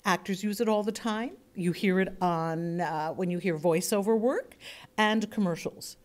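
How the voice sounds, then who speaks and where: A woman's voice: medium pitch, measured pace, a little mellow. Chatty woman teaching a voice workshop. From United States. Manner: chatty, demonstrative, shifts pace and inflection to illustrate points. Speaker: voice and speaking workshop instructor. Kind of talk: workshop lecture to a group.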